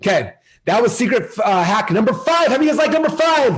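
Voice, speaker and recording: A man presenting a live marketing webinar, energetic and salesy, often asking his audience questions. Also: extremely high pitch, quick pace, husky.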